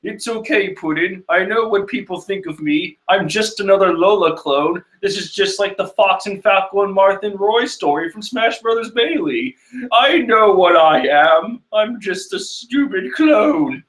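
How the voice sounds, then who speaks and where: A man's voice: high voice, measured pace, a bit bright, voice pushed up. A man voicing a mopey, self-pitying young woman in a whiny, glum tone. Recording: echoey room.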